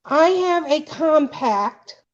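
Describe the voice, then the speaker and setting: High-voiced woman on a dull video call. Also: expressive, slow. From North Carolina. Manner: short, polite answers. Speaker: caller showing an item.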